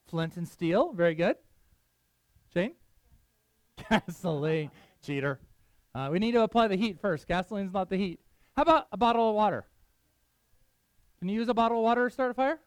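A man's voice: high-pitched, expressive, brisk, long pauses, smooth, no room sound. A middle-aged man preaching a casual sermon, chatting with his listeners, asking them questions and laughing often. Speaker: pastor.

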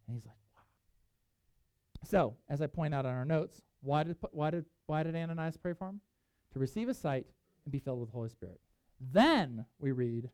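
A pastor preaching a sermon, telling a Bible story with animated delivery and reading scripture aloud. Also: mid-range voice, dry recording, rough recording.

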